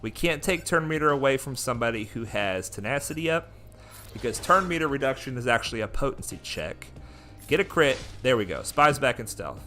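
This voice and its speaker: A man giving excited live commentary while playing a mobile game, chatting with his viewers as he goes. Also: mid-range voice, a little fast.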